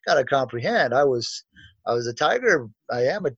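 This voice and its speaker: A man's voice: medium pitch, big pitch swings, fairly quick, husky, no echo. A man telling a long story in casual conversation, rambling and self-assured, with many restarts and asides. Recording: dull, dry, lo-fi sound.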